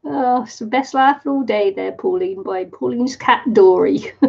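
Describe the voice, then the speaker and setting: Gravelly-voiced woman chatting while crafting. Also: fairly high pitch, unhurried, a little mellow. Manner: chatty, laughs often while reading viewer comments. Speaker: craft livestream host. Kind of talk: casual chat while crafting. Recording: dull lo-fi stream audio.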